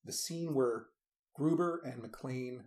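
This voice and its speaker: A man co-hosting a casual movie chat, animated and slipping into mock voices when he quotes scenes. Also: medium pitch, takes it slowly. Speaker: podcast co-host.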